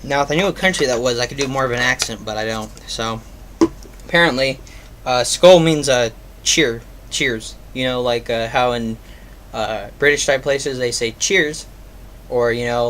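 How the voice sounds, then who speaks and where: A man at a middle pitch gives a loose, casual review. He rambles and fills pauses with ums and uhs, and a faint hiss sits under his voice. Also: a bit bright. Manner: rambling, filler-heavy, offhand. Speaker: product reviewer.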